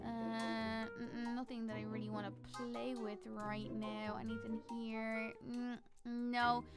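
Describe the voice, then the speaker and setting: A woman's voice: a little high, level tone, slow pace, over loud music. A woman voicing a young girl in a game role-play who frets and hesitates as she talks to the viewers. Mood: nervous. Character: young girl, anxious before getting braces. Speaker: Minecraft role-play character. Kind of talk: role-play vlog narration.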